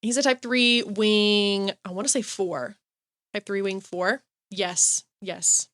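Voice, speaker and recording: A young woman, co-hosting a podcast in casual chat, giggly and animated as she tells stories. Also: mid-range voice, slow, no room sound, clean studio sound. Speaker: podcast co-host.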